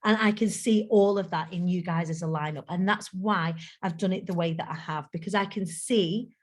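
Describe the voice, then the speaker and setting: A woman running a group coaching call for event speakers, chatty, encouraging and quick to laugh at herself. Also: fairly low pitch. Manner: chatty, self-deprecating, encouraging.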